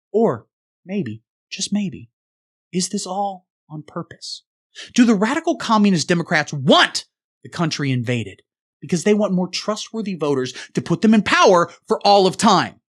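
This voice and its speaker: Guy doing a fake pundit rant, deadpan serious tone with big swings up and down. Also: high-pitched. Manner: mock-serious pundit delivery. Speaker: satirical show host. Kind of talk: satirical political rant.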